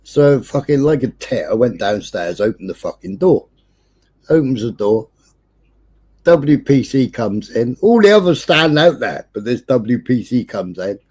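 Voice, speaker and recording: A man from England chats on his livestream, telling a story in a casual, profane way. He keeps switching into the voices of the people he quotes. His voice sits at an ordinary middle pitch. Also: unhurried, slightly rough. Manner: sweary, lively, acts out quoted voices. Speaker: livestream host.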